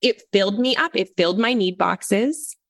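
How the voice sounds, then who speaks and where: A woman's voice: medium pitch, moderate pace, gravelly. A middle-aged woman, a parent coach, talking earnestly in a podcast interview and acting out little quoted voices.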